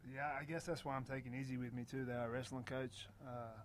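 A man's voice: mid-range voice, level tone, a little fast, slight background noise. A man, a podcast guest in casual chat, modest and self-deprecating. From Australia.

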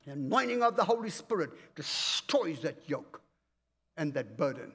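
A man from Africa preaching a fervent, commanding sermon in a church, swinging between loud and hushed. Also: fairly high pitch, big pitch swings, moderate pace, slightly rough. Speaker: pastor. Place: church auditorium. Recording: reverberant church hall.

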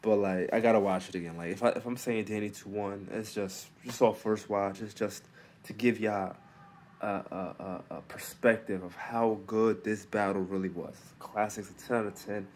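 A man with a low voice hosts a laid-back solo recap. He talks in loose slang, restarts his sentences often and drops into quiet asides. A faint hiss of noise sits under the voice. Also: fairly even intonation, normal speed. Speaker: battle rap recap host. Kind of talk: casual solo commentary.

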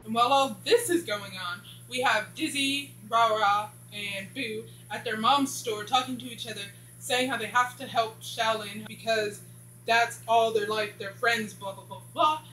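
A woman's voice: a little high, fairly even intonation, unhurried, sharp tone. A woman casually recapping a TV episode, rambling and skipping dialogue with "blah, blah.". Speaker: TV show reviewer. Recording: echoey room with faint hum.

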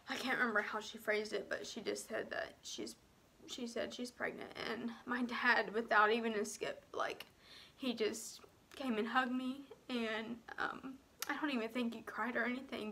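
A young woman tells her own story in an emotional vlog. She sounds close to tears and speaks haltingly, often dropping to a near whisper and filling pauses with "um" and "like.". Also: on the high side, bright, forceful tone. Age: young adult. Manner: frequent "um" and "like" fillers.

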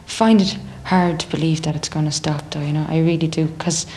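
In a relaxed interview, a young woman from Ireland who sings in a band talks fairly quickly in a low, Irish-accented voice. She's animated and chatty, slipping into others' voices for quotes as she tells stories. A little hiss or hum runs under the recording.

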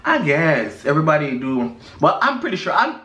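A man's voice: a little high, very animated, normal speed, bright, forceful tone. Sassy guy gossiping on a food vlog, says girl and honey a lot, echoey room. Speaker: vlog co-host. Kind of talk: casual chat while eating. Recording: roomy echo.

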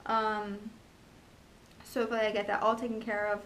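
A young woman in a casual home vlog, talking fast and chattily about her pregnancy, with lots of ums and likes. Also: mid-range voice, level tone, fairly bright tone, slight background noise. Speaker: pregnancy vlogger. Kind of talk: casual chat.

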